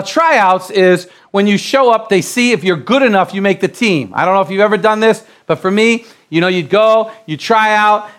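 A middle-aged man from the United States preaching a sermon, repeating and restarting phrases as he builds to loud exclamations. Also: sits high.

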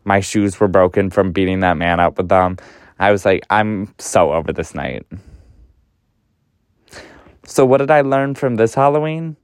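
A young man hosting a podcast, telling a story casually in an animated, gossipy way, swearing a lot and often jumping up in pitch. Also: brisk, clear, resonant tone, no echo, studio quality. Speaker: podcast host.

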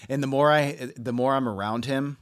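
A man with a medium-pitched voice co-hosts a podcast over a video call, joking, teasing and playing mock-indignant. He talks at normal speed, and the recording is dry with clean studio sound.

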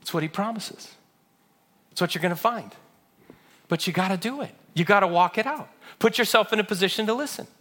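Bright-voiced pastor preaching with animation. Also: male voice, sits high. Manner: animated storytelling, acts out voices of others. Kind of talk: sermon.

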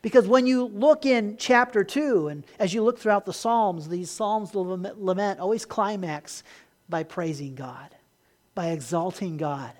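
A man's voice: high voice, unhurried. Earnest man preaching a sermon. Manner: earnest preaching, swings from emphatic to quiet; repeats words when restarting. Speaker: pastor.

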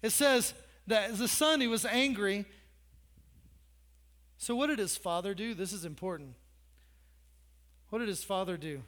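A pastor with a strikingly high voice preaches in a loose, conversational style. He drops joking asides and teases his congregation between points. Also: a little slow, pauses often, fairly bright tone. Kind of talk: sermon.

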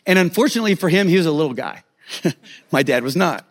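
A man preaching a sermon as a pastor, telling a personal story in an animated, humorous way. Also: fairly high pitch, quick pace.

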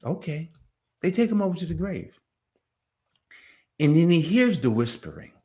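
A man's voice: a little high, normal speed. A man giving an informal, conversational sermon, acting out biblical dialogue in voices. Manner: animated, acts out biblical dialogue in character voices; conversational, many fillers like "you know" and "man". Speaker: preacher.

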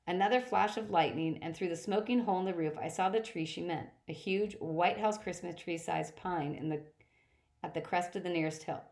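A woman narrating a first-person adventure story with a fairly low voice. She reads steadily, now and then stumbling and restarting a phrase. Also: moderate pace. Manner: steady reading with occasional slips and restarts. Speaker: audiobook reader.

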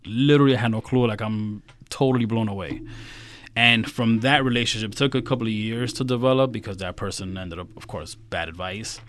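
Lively storytelling man, low voice. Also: fairly quick. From Queens, New York. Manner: animated, acts out quotes. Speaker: financial advisor, guest. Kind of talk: casual storytelling interview.

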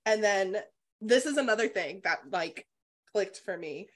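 A woman co-hosts a relaxed book-club podcast with a middle-pitched voice. She retells the plot in an animated way and swears freely. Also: measured pace. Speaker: podcast co-host. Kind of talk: casual book-club chat.

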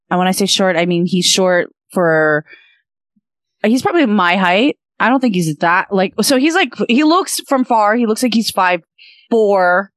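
A woman's voice: fairly low pitch, no room sound, studio quality. A young woman with a Canadian accent, co-hosting a podcast and retelling a story in a rambling, filler-heavy way. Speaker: podcast co-host. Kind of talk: casual chat, retelling a comedy bit.

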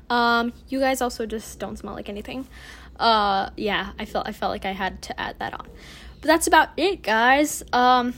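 A young woman hosting a casual solo podcast at home, rambling and giggly with lots of fillers and "oh my god", recorded on a propped-up phone. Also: a little high.

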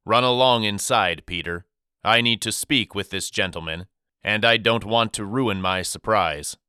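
A man voicing a gentle, loving middle-aged father who speaks softly. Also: lowish voice, a little slow, smooth, no room sound, studio quality.

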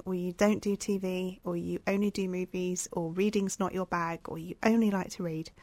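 A woman's voice: lowish voice, fairly even intonation, normal speed, a little mellow, no room sound. A woman co-hosting a podcast, chatting in an upbeat, earnest way. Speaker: podcast co-host. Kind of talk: casual chat.

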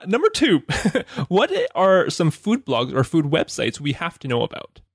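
A man hosting a podcast, cheerful and encouraging as he puts questions to his guest. His voice sits a little high and swings lively up and down. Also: measured pace, slightly rough. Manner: upbeat and encouraging. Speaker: podcast host.

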